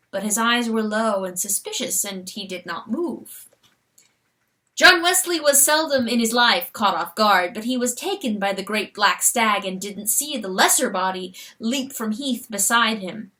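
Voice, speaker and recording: Brief: woman storybook narrator, bright voice, expressive reading, slightly off-mic. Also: medium pitch, distant mic. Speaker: audiobook narrator.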